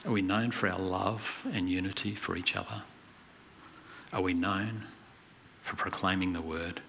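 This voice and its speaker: A man's voice: sits low, unhurried, vocal fry, slight background noise. A male pastor delivering an earnest, emphatic sermon in a church. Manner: earnest, emphatic preaching with animated anecdotes. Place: church hall.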